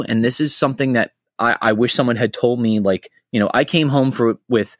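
A middle-aged man hosts a podcast, speaking briskly at medium pitch as he tells stories in casual chat. He's an animated storyteller who acts out the quotes he relates. The sound is studio quality with no echo.

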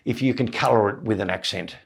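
An older man with an Australian accent telling jokey anecdotes in an interview, animated, with stammered restarts and quick voice impressions. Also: on the low side, gravelly, slightly rough. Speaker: comedian, guest.

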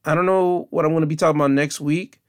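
A young man talks through the end of his solo podcast in a casual, rambling way. His voice sits a little high for a man, and he often stops and restarts his sentences. He keeps sounding earnest and encouraging as he thanks his listeners. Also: steady tone, fast. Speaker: podcast host.

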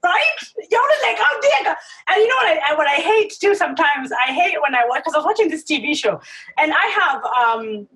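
A woman with a high, bright-sounding voice that leaps all over the place as she talks. She chats casually and emphatically, acting out her own reactions. She sits a little back from the microphone. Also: brisk, recorded from a distance, low-quality recording. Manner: animated, emphatic, acts out reactions. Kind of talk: casual chat.

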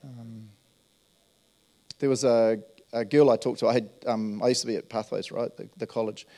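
A pastor delivers a conversational sermon in a medium-pitched, mellow voice. He is earnest and tells stories, often checking in with his listeners by asking "right?"

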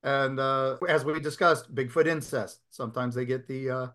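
A man's voice: mid-range voice, fairly even intonation, normal speed, fairly bright tone. A man co-hosting a paranormal podcast, joking and laughing in casual group chat. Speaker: podcast host.

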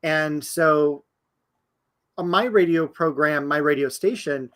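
A man joining a talk show as a guest, sharing a memory in a relaxed, reflective way. His voice is somewhat high for a man. He speaks in plain, steady phrases. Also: slow pace. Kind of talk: casual chat.

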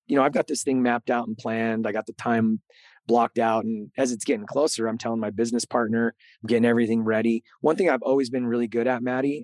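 A middle-aged man recounting his own story on a podcast, earnest and animated, doubling back on words as he talks. His voice sits at an ordinary pitch for a man. He is recorded on a close, dry mic with no room sound. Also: dry recording. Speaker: podcast host being interviewed. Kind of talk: candid storytelling interview.

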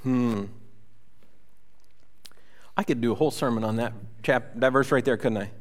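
A man's voice: mid-range voice, moderate pace. A man preaching a sermon in a casual, conversational way, acting out voices in asides and asking the congregation questions. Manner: conversational, acts out paraphrased voices of the prophet with rhetorical asides. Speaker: pastor.

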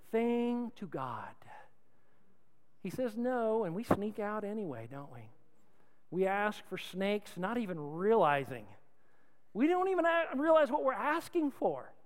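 A male pastor preaching a sermon, calling on the crowd to repeat lines back, swinging between loud and hushed. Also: high voice, big pitch swings, measured pace. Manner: call-and-response preaching, asks crowd to repeat. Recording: long hall reverb.

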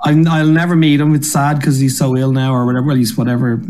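An Irish man, a comedian guest, telling rambling animated stories in casual podcast chat. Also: mid-range voice, quick pace, a little hiss or hum. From Ireland. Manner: animated storyteller, rambling restarts.

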